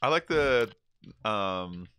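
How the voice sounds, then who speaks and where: A man's voice: fairly low pitch, drawn-out words, slight background noise. A man streaming a game, chatting casually and telling rambling stories with little voice impressions. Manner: rambling, animated storytelling with impressions. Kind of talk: casual chat while gaming.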